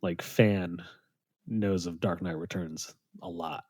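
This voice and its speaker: A young man hosting a casual podcast from a small studio, teasing his co-hosts and breaking into laughter often. His pitch roams widely as he talks. The sound is close and dry, with no room around it. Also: very animated, slow pace, vocal fry, darkish tone, slightly rough, no room sound. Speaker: podcast host. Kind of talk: casual chat.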